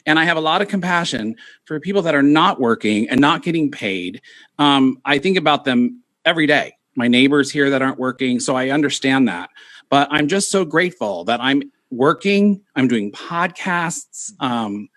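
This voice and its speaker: A man's voice: fairly high pitch, expressive, normal speed, a bit bright. A man chatting as a podcast guest, theatrical and campy, playful in manner. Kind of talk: casual chat.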